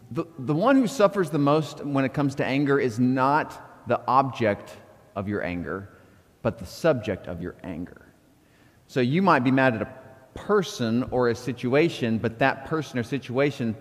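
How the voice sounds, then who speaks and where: A middle-aged pastor preaches from the pulpit in a candid, self-deprecating way, laughing at himself as he tells stories. His voice sits at an ordinary pitch for a man, and it carries a long reverb from the church sanctuary. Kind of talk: sermon.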